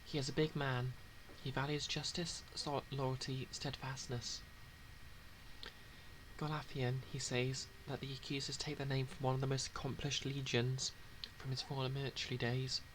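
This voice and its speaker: A man's voice: medium pitch, little pitch movement, normal speed. Casual, wry male streamer reading game text aloud over background noise.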